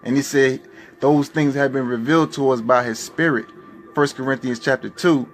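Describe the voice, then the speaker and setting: Male preacher, fervent rhetorical sermon, mid-pitched voice, faint music bed. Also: steady tone, moderate pace. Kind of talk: spoken-word sermon over music.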